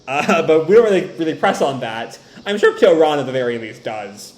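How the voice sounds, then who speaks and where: A man's voice: a little high, brisk, hardly any pauses, echoey room. A man hosting a manga reaction video, reading the chapter aloud and reacting with laughter and tangents. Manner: animated, laughs often, tangents. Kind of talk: casual reading and commentary.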